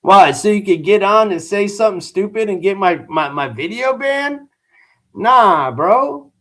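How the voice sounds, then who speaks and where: The host of this livestream is an exhausted adult man whose high, lively, slightly bright voice runs a little slow. He chats casually in slang, says "bro" a lot, and can't be bothered with a troll.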